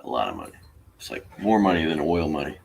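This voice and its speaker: A man's voice: rumbling low, huge pitch swings, fast, gravelly, slight background noise. A man explaining politics in a casual, rambling way with many fillers.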